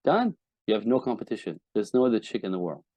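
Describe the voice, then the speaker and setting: A relationship coach guest on a candid podcast speaks in a fairly low, mellow, sing-song voice at a quick pace. He's blunt and emphatic, swears often, and performs the voices of the wives and husbands he quotes. The sound is dry.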